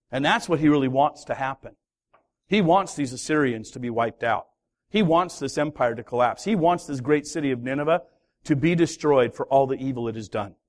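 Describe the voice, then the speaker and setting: A man, a pastor, preaching a sermon with dramatic storytelling that swings from loud to hushed. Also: fairly high pitch.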